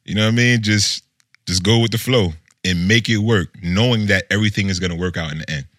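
Bright-voiced laid-back man chatting. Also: fairly low pitch, fast talker, no echo, studio quality. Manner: laid-back, animated storyteller, talks in street slang. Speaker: co-host. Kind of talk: casual chat.

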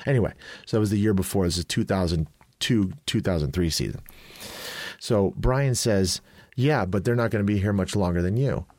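A man's voice: fairly low pitch, normal speed, dry recording. A man from Chicago hosting a podcast, telling a story in casual chat, acting out quotes with laughs. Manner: animated, laughing storyteller who acts out quotes. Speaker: podcast host.

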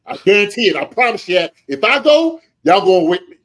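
A man with a fairly high voice delivers fired-up podcast commentary from home, grading a team like a coach. He lectures players bluntly and keeps checking in with "okay?". His voice climbs when he gets worked up and drops low between points. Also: big pitch swings, brisk, fairly bright tone, rough recording. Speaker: former pro football player and special teams coach grading a team.

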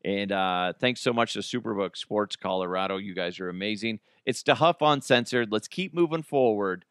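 A man's voice: lowish voice, moderate pace, a bit bright, smooth, no echo, studio quality. A man hosting his own podcast in a casual solo style, reading news items aloud and joking about them. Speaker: podcast host.

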